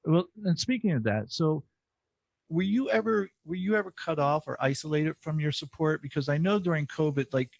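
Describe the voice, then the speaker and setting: Gravelly man hosting a podcast, dry sound. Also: fairly high pitch, lively intonation, normal speed, darkish tone, dry recording. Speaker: podcast host. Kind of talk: casual interview conversation.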